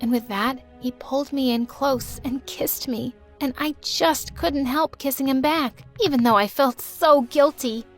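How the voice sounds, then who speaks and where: High-voiced young woman telling a dramatic storytime. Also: unhurried, few pauses, faint music behind. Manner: dramatic, expressive first-person telling. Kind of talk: first-person storytime narration.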